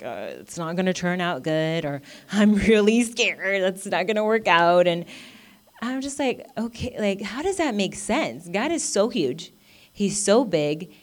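A woman giving a casual, earnest Bible teaching, talking conversationally with lots of "you know" and "like". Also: low voice. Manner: earnest and encouraging.

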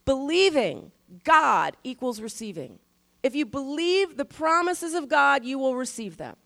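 A middle-aged woman pastor giving a sermon in a conversational style, stressing key phrases slowly. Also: high-pitched, animated, vocal fry, a bit bright.

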